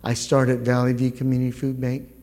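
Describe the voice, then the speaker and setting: A middle-aged man giving a spoken church testimony, earnest and halting, often repeating his words. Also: mid-range voice, monotone, darkish tone. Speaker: guest speaker giving a testimony. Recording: long reverb of a large hall.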